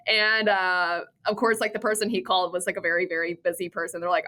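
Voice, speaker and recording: A woman from the US Midwest, a cybersecurity expert guest, telling a lively anecdote in a conversational podcast, often laughing. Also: lowish voice, quick pace.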